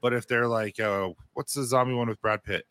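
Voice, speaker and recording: A man's voice: medium pitch, steady tone, a little fast, fairly bright tone, clear, resonant tone, no echo, studio quality. A man co-hosting a podcast in casual chat, laid-back and rambling, often searching for words. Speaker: podcast co-host.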